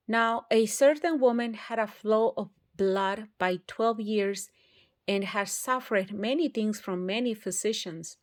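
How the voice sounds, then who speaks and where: A woman reading scripture aloud, carefully and with occasional restarts. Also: medium pitch. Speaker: Bible reader.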